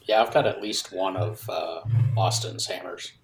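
A man's voice: deep voice, steady tone, unhurried, low-quality recording. A man from South Carolina chatting casually on a podcast, easygoing and teasing. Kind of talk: casual chat.

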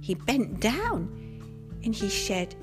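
A woman's voice: mid-range voice, very animated, takes it slowly, over music. A woman voicing a cheerful little boy unicorn who tells a children's story in a playful, sing-song way. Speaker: host.

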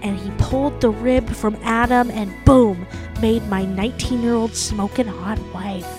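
A woman putting on a smarmy middle-aged male pastor who preaches theatrically, with booming, swelling emphasis. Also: steady tone, a little slow, over music. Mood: preachy. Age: 40s. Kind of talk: comedic impression of a sermon.

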